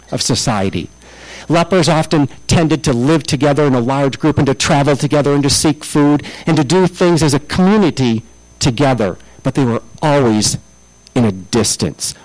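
A man's voice: a little high, darkish tone, rough recording. A male pastor preaching a sermon, telling stories and often restarting and repeating words.

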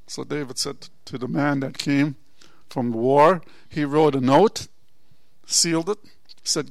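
A man preaching a sermon, telling a Bible story with asides and rhetorical questions, moving from low murmurs to loud exhortation. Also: steady tone, measured pace, vocal fry, no room sound. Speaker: pastor.

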